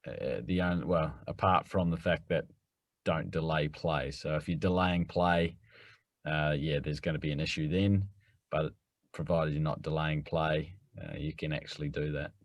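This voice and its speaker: A man's voice: very deep voice, fairly even intonation, moderate pace, dry recording. A man, the rules expert on a podcast, explaining things in a matter-of-fact way. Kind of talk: casual explanation.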